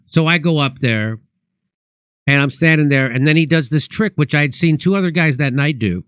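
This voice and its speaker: A man's voice: fairly high pitch, moderate pace, a bit bright, clear, resonant tone, no room sound. A man who is a comedian and host, telling rambling comic stories in casual chat, full of restarts and acted quotes.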